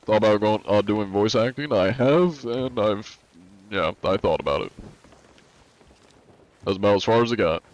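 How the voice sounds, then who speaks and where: A man's voice: lowish voice, expressive, moderate pace, pauses often, a little mellow, lo-fi sound. A young American man streaming a game, chatting casually in a rambling, joking, crude way. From United States. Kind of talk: casual live-stream chat.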